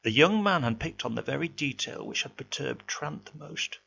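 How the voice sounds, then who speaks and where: Gravelly man reading a ghost story. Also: a little high, animated, moderate pace, pushed and bright. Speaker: narrator. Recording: dull lo-fi home recording with faint hum.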